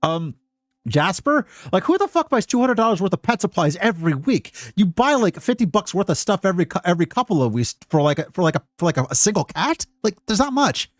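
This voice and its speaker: A man's voice: high voice, very animated, a little fast, no room sound, clean studio sound. A Scottish man giving casual live-stream commentary, rambling and profane, with many restarts.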